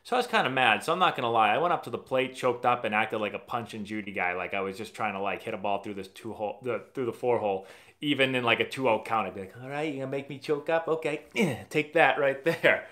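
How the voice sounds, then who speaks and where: This man from Massachusetts has a fairly low, bright, forceful voice and talks fast. He's hosting a casual live stream and answering viewer questions. He tells stories in a rambling, chatty way and often restarts his sentences.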